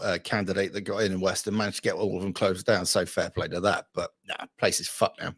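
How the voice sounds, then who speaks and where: A man's voice: sits low, fairly even intonation, fairly quick, hardly any pauses. Blunt, swearing man ranting. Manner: profane, blunt, storytelling with re-enacted dialogue. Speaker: channel host. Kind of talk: casual ranting vlog.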